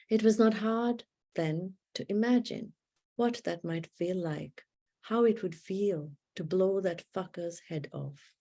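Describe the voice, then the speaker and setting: A woman reading her own poetry aloud in measured, deliberate phrases with long pauses, over a livestream video call. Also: lowish voice, warm tone. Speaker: poet reading her work. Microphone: video call setup.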